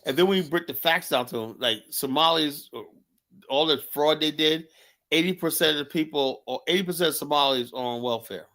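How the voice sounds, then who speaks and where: A man whose voice is a little high, pushed and bright speaks briskly while arguing with heat during a casual stream debate. He's argumentative and keeps tagging on rhetorical questions such as "you know?"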